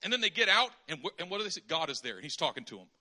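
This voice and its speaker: A man preaching a sermon in an animated way, acting out conversations in different voices. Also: fairly high pitch, very fast, slight background noise.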